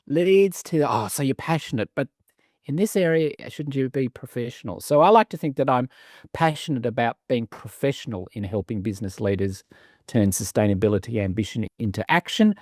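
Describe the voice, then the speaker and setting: A man's voice: medium pitch, no echo, studio quality. Wry man, articulate business leader. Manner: articulate, wry and self-deprecating, with frequent restarts. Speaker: CEO of a business sustainability council. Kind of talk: podcast interview.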